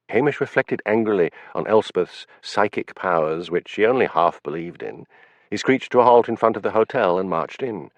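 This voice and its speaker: Low-voiced male audiobook narrator. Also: moderate pace, no room sound. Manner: expressive storytelling. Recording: dull lo-fi audiobook file.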